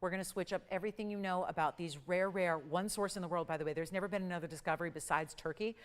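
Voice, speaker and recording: A woman hosting a live jewelry shopping show, pitching pieces and counting prices down in an upbeat sales patter. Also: fast. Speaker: shopping channel host. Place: TV studio.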